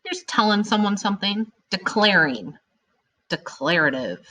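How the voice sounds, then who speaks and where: Lively teacher woman, animated delivery. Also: mid-range voice, moderate pace. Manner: animated and emphatic, stretching words for students. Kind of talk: recorded grammar lesson for students.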